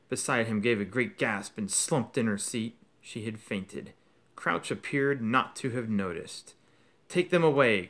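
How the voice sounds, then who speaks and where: A man's voice: mid-range voice, fairly bright tone. A man reading a novel aloud as an audiobook, telling the story expressively. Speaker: audiobook reader.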